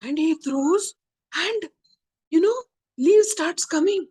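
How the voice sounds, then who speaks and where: A woman teaching a study circle, telling a story in a lively way and acting out the quotes. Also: very high voice, slow pace, no echo. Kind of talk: storytelling lecture.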